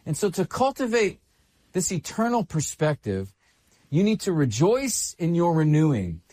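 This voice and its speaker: Male pastor, sermon delivery, animated intonation, repeats key phrases. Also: fairly high pitch, measured pace. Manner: expressive preaching, repeats phrases for emphasis.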